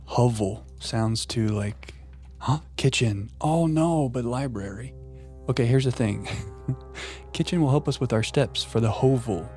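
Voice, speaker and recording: A man streaming a puzzle game live, chatting playfully with viewers and thinking out loud. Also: mid-range voice, unhurried, soft background music. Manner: playful, chatting to viewers while musing aloud. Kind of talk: live gameplay commentary.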